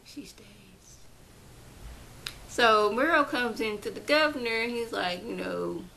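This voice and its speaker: A woman recapping a TV episode in a chatty, animated way, now and then acting out characters' lines in her own voice. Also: on the high side, a little slow, a little hiss or hum, low-quality recording. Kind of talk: casual recap.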